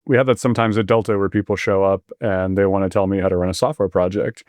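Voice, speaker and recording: A man with a lowish voice who talks fast and firmly, often saying "like" as he goes. His voice sounds dry and close to the mic. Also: flat delivery, a little mellow, no echo. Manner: assertive, quick, says "like" often. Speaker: podcast host. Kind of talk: casual podcast chat.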